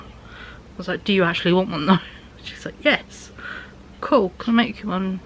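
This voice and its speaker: A woman's voice: medium pitch, moderate pace, low-quality recording. A young woman vlogging in a rambling, casual chat, often dropping to a near-whisper.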